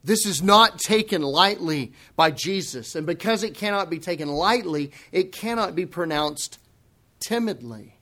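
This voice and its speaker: A man preaching a sermon, emphatic, dropping low and quiet, then rising into loud, forceful bursts. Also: expressive, measured pace. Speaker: pastor.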